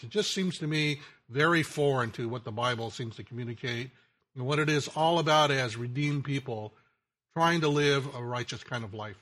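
A man preaching a sermon, slow and deliberate, telling a joke story and letting his phrases drop low and quiet at the ends. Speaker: pastor.

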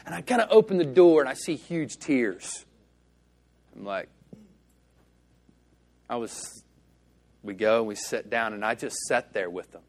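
A man's voice: mid-range voice, animated, measured pace, long pauses, darkish tone. A male pastor preaching a sermon in a church, telling stories in a casual, conversational way and acting out the dialogue.

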